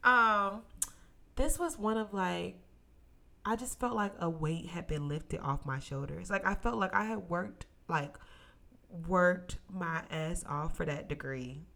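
Speaking slowly in a fairly low, gravelly voice, a young woman shares a personal story on her solo podcast. Her delivery is emotional and animated, like a testimony, sometimes near tears, and she addresses her audience as "y'all."

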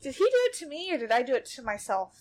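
Tired pregnant woman, bright laughing voice. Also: high-pitched, very animated, quick pace. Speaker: podcast co-host. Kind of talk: casual chat, storytelling. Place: home bedroom.

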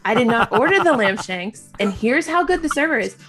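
A woman co-hosting a podcast, gushing and animated as she tells stories in casual chat. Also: a little high, a little fast, faint music behind. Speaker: podcast co-host.

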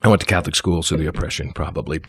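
A deep-voiced actor from New York tells his stories at a quick clip, jumping into quoted voices as he goes. The sound is dry and close, with no room around him. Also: husky, no room sound. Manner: animated storyteller, acts out quoted lines. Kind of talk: casual interview chat.

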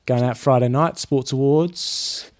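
A man's voice: mid-range voice, a little slow, a little mellow. A New Zealand man co-hosting a radio show, answering in a laid-back, dry way. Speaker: radio co-host. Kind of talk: casual banter.

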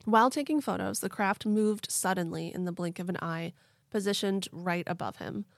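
A woman's voice: mid-range voice, moderate pace, gravelly, no echo, studio quality. A woman hosting a podcast, telling a story in a chatty, playful way with lots of fillers. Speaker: podcast host. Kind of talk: casual storytelling chat.

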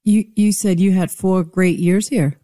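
A woman's voice: lowish voice, steady tone, dark tone. A woman with a New York accent co-hosting a radio talk show, sassy and playfully needling. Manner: sassy, playful, quick-witted. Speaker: radio co-host. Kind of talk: casual on-air banter.

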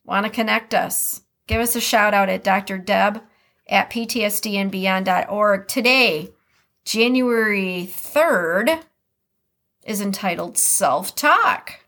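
A woman's voice: mid-range voice, steady tone, measured pace, a bit bright. A woman with a Midwestern American accent hosting a podcast, chatting casually and reading quotes aloud before commenting on them. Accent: Upper Midwest American. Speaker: podcast host.

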